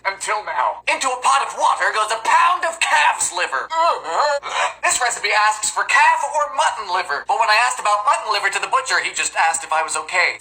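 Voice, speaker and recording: A man hosting a comedic baking video, reading out old recipes with dry, deadpan one-liners and sudden excited squeals. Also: high voice, low-quality recording. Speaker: home baking video host. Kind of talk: comedic recipe-testing vlog narration.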